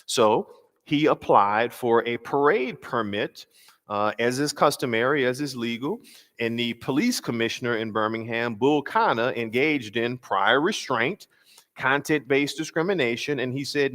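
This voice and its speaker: A man pastor giving a workshop lecture in a mid-range voice. He is measured and emphatic, slowing down on key phrases and posing rhetorical questions. The voice rings with a long hall reverb. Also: mid-range voice, fairly bright tone.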